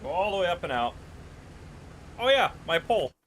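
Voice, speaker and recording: Guy on a game stream, kinda high bright voice, chatty, laughs a lot. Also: very animated, a little fast, a little hiss or hum, poor audio. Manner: chatty storyteller, reads chat aloud, laughs often. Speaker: gaming streamer. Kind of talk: casual live-stream chat.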